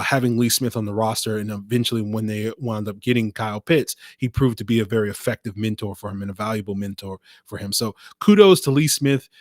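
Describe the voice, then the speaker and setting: A man's voice: on the low side, no echo. Dry-voiced man hosting a sports podcast. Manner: conversational, many fillers, dry sarcasm. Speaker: podcast host. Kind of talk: solo sports podcast commentary.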